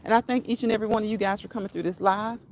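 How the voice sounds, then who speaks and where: A woman hosts a casual live stream. She repeats her phrases and encourages her viewers, at a mid pitch for a woman. Faint noise sits under her voice. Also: fairly even intonation, racing. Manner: repetitive, encouraging, laughs at own phrases. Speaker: livestream host.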